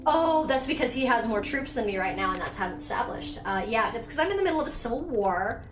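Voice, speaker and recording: A woman's voice: a little high, big pitch swings, fast, echoey room, recorded from a distance, music in the background. A young woman casually commenting on her strategy game play, chatty and sarcastic, swearing now and then. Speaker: gaming streamer. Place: home room.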